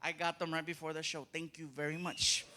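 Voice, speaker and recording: A man doing a live stand-up comedy set on a theater stage, telling stories in an animated way with laughs and asides. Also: fairly high pitch, fairly quick. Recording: noisy live crowd in a theater.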